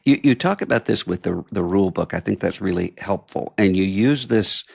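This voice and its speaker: A very deep, gravelly male host asks questions in a thoughtful, halting way, often repeating words. The sound is dry and close to the mic, with no room echo. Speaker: podcast host. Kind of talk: podcast interview, asking questions.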